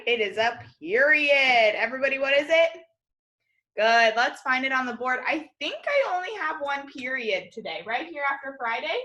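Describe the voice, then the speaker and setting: A woman teaching a kindergarten class remotely, speaking in a slow, encouraging and upbeat way to young children. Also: high voice, sharp tone. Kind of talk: distance-learning lesson to young children.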